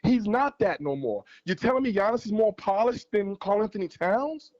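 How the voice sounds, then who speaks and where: High-pitched man, heated sports debate, insistent and repetitive, muffled lo-fi call audio. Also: expressive, moderate pace, a little mellow. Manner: passionate, argumentative, repeats points for emphasis. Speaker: guest caller on a fan livestream.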